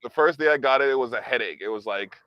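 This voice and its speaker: A man hosting a casual interview. He talks in a playful, animated way and laughs often, while he is still recovering from an illness and has sore ribs. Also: mid-range voice, fast talker, dull audio. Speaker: podcast host.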